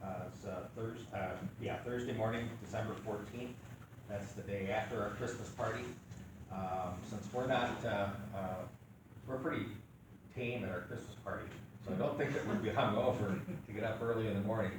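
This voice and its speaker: A man making relaxed club meeting announcements, halting with fillers. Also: lowish voice. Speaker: club officer. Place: meeting room. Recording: very echoey room from far off, noise.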